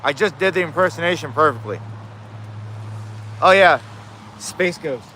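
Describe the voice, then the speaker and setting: Bright-voiced rambling male streamer. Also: on the high side, expressive, measured pace, slight background noise. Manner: rambling, self-correcting, swears. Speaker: livestreamer. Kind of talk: casual livestream chat. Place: outdoors at home.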